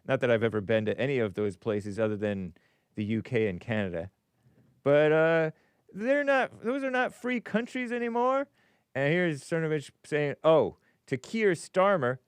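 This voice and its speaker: Man, host, casual commentary, wry and sarcastic, fairly high voice, dry close sound. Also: sing-song, moderate pace, clean tone, no echo. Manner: laughs at his own remarks.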